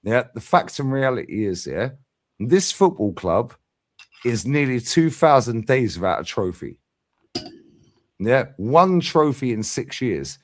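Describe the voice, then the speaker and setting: Middle-aged man, heated streamer, lively swinging pitch, combative. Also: unhurried. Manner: combative, emphatic, constant "yeah?" tags. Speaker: fan channel streamer. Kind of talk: heated livestream debate.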